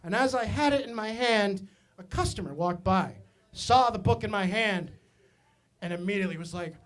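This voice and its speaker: A man from Maine telling stand-up comedy stories, animated and self-mocking, with asides to the audience. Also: high voice, normal speed. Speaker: stand-up comic.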